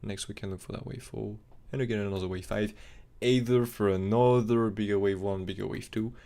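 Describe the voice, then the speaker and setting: Fast-talking gravelly male crypto streamer. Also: lowish voice, fairly even intonation, dark tone. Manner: fast, rambling, non-native phrasing with fillers. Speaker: crypto chart analyst streamer. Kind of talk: live-stream technical analysis chat.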